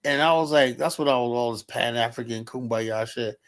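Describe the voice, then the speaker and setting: A man's voice: mid-range voice, moderate pace, a bit bright. Profane storytelling man on a stream. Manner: loose, profane storytelling with acted quotes. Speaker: podcast host. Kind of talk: casual storytelling chat. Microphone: remote stream call.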